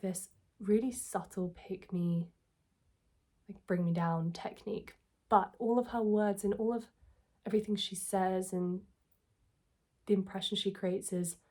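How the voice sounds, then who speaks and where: A woman's voice: medium pitch, warm tone. A woman, telling a personal story and giving self-help advice in a candid, reflective, earnest way.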